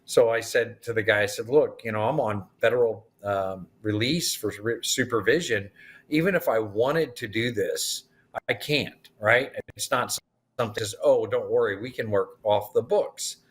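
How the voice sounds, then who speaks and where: A man's voice: fairly low pitch, moderate pace, a bit bright. A man, a guest in an interview, retelling events animatedly and acting out the dialogue. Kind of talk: storytelling in an interview.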